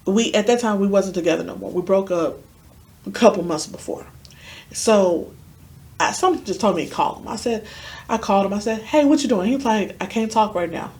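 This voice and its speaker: Her voice is mid-range with a darkish tone as she, a guest on a podcast interview, shares something personal. She brings quoted lines to life vividly, speaking earnestly and with strong emotion.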